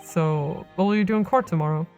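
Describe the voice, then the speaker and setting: A woman's voice: fairly low pitch, brisk, a little mellow, soft background music, close to an everyday voice. A woman reading an earnest young lawyer. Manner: earnest, reasoning aloud. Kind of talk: voicing game dialogue on stream.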